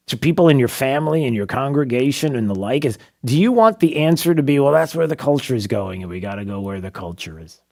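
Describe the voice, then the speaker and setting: A man's voice: medium pitch, sing-song, quick pace, gravelly, hardly any pauses, darkish tone. A man hosting a talk radio show, asking rhetorical questions and pressing his points with emphasis. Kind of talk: opinionated talk radio monologue and banter.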